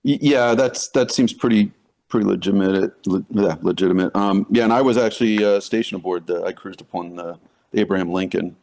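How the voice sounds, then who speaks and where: A man speaking as a guest military analyst in a live news interview, halting and full of fillers and restarts. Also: deep voice, a little mellow.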